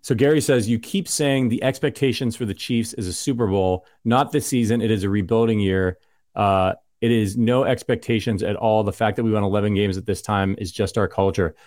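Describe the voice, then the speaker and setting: A man's voice: fairly low pitch, brisk, darkish tone, no room sound, clean studio sound. A man hosting a casual sports podcast, talking in a rambling, conversational way and arguing his points. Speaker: podcast host.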